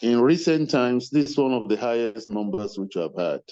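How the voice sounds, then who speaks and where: A man's voice: medium pitch, animated, warm tone. An older man gives earnest closing remarks as a webinar convener, speaking over a video call. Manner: earnest, measured, thanks attendees by name. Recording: muffled video-call audio.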